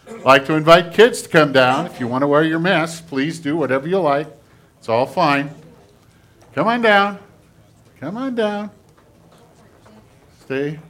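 A man, a pastor, giving a children's sermon in a church, speaking in a gentle, animated way to kids. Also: fairly high pitch. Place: church sanctuary.

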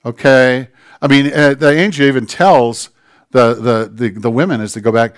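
A man preaching a sermon as pastor, swinging between quiet, hushed passages and slow, emphatic declarations. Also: medium pitch, steady tone, clear, resonant tone. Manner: dynamic, swings from hushed to emphatic, drawn-out phrases.

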